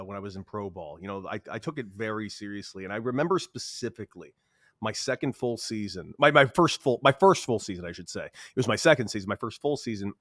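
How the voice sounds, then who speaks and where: A man in his thirties, a podcast guest telling a story in a casual, animated way, acting out quotes with sudden jumps in voice. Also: no room sound, clean studio sound. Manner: animated, acts out quotes with big pitch jumps. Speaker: podcast guest, former baseball player.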